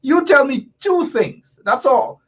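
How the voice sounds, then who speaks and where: The voice is extremely high, expressive and a bit bright, and he takes it slowly. He's a political talk show host from Guyana who emphatically repeats himself while reading viewers' comments aloud and replying to them.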